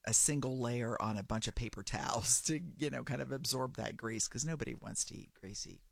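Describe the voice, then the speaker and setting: A man's voice: mid-range voice, fairly quick, gravelly, no echo, studio quality. A man co-hosting a radio show, chatting and telling stories in a friendly, conversational way. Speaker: radio co-host. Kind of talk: casual studio chat.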